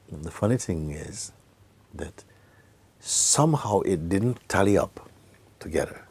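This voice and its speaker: A man giving a spiritual talk to a gathering, speaking gently, often laughing and sometimes dropping into a whisper. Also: sits low, lively intonation, measured pace, long pauses, slightly rough. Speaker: spiritual teacher.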